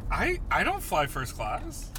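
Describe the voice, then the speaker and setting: A man's voice: on the high side, huge pitch swings, slow, sharp tone. A man chatting casually and teasing his friend while driving through a parking garage, with playful, theatrical outbursts. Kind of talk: casual chat. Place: inside a car in a parking garage. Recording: noisy car interior.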